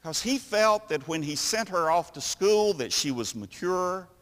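Male preacher, high sharp voice, unhurried dramatic sermon storytelling. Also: lively intonation, in a large hall. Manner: slow, dramatic pauses between phrases.

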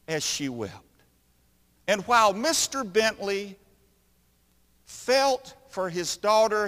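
Male preacher, high sharp voice, unhurried dramatic sermon storytelling. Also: long reverb tail. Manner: slow, dramatic pauses between phrases.

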